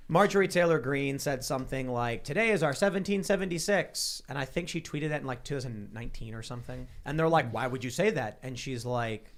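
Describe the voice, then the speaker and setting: A man's voice: mid-range voice, animated, fairly quick, few pauses. A man hosting a casual panel talk show, telling stories animatedly and acting out quoted people in mocking voices. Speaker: podcast host.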